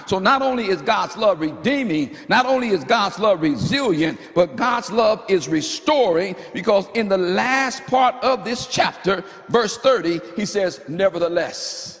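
A man's voice: sits high, animated, unhurried, few pauses, fairly bright tone. A man preaching a sermon as pastor at a church service, fervent and full of repeated phrases. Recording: long hall reverb.

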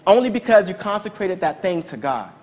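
A man with a notably high voice delivers a sermon in a loose, conversational style. He leans on repetition for emphasis, speaking as if chatting with his congregation. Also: big pitch swings, brisk, a little mellow. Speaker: preacher.

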